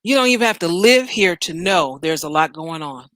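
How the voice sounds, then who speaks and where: A woman's voice: on the low side, lively intonation, normal speed, a bit bright, no echo. A woman from Chicago hosting a news reaction show from home, ranting bluntly and in exasperation. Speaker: host.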